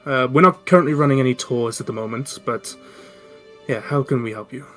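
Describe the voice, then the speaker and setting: A man's voice: mid-range voice, a little fast, a bit bright, faint music behind, lightly acted. A man voicing a young male gnome who runs a brewery, speaking in a friendly, hesitant way with plenty of fillers. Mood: polite.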